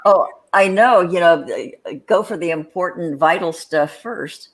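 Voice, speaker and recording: A woman's voice: lowish voice, unhurried. Rambling older woman hosting a live chat. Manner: rambling, many fillers and restarts. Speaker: host. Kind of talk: casual chat.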